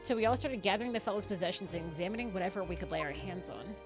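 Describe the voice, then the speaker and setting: A woman reading aloud the part of a remorseful man confessing a crime, in a measured, lightly dramatic reading voice. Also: medium pitch, close to an everyday voice. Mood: solemn. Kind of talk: reading game text aloud. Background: game music.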